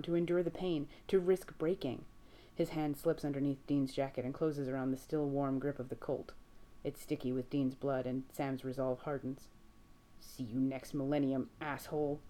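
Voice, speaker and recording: Low-voiced woman reading fiction. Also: warm tone. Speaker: reader.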